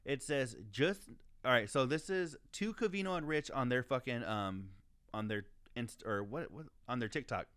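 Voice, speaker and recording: A man co-hosting a casual podcast, ranting in a heated way with constant swearing and stumbling restarts. His voice is smooth and clear, recorded close and dry. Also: medium pitch, normal speed, fairly bright tone, no echo. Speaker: podcast co-host. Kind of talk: casual profane podcast chat.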